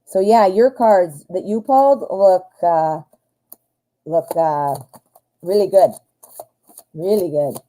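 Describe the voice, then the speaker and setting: A woman's voice: on the low side, takes it slowly, pauses often, mellow, low-quality recording. A woman hosting a live tarot stream, reading cards in a chatty, upbeat way and talking straight to her viewers. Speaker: tarot reader, live show host.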